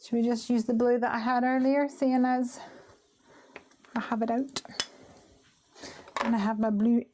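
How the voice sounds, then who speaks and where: Woman, higher voice, casual live craft demo, talks herself through each step, faint noise behind. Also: little pitch movement, measured pace. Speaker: crafting host.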